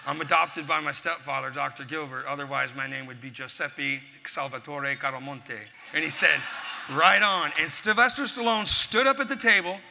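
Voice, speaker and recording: A man's voice: high-pitched, gravelly, sharp tone, slight background noise. A man giving a motivational speech at an event, telling a punchy story and driving his points home with force. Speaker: motivational speaker. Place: large event hall. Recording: echoey hall, faint crowd ambience.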